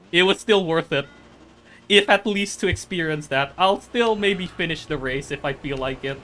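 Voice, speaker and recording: A man's voice: high-pitched, very animated, slow pace, long pauses, a bit bright. A streamer, seemingly a man, giving casual commentary on a racing game, repeating phrases and breaking into fits of laughter.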